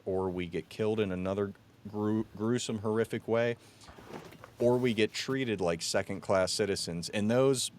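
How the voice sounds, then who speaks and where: A fired-up man hosting a casual podcast, his voice sitting a little low. He rants with emphasis and drops "dude" between points, over a faint hiss and some room ambience. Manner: emphatic, ranting, says "dude" often. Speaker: podcast host. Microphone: own podcast mic, remote call.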